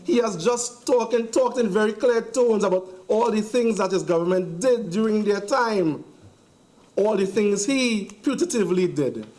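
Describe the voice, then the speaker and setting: A man's voice: high voice, animated, moderate pace, a little mellow. A man with a Trinidadian accent giving a sarcastic, emphatic speech in a parliamentary debate, hammering points through repetition. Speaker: member of parliament. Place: parliament chamber.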